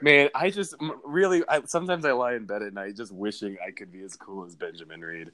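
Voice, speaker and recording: Rambling joking man, low voice. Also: brisk, a bit bright. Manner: joking, rambling riffs with fillers. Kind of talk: casual comedic chat.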